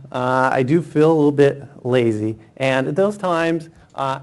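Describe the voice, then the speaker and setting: A man opening a conference talk with self-deprecating humor before introducing voice commands. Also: mid-range voice. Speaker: conference presenter. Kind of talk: technical presentation. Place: conference hall.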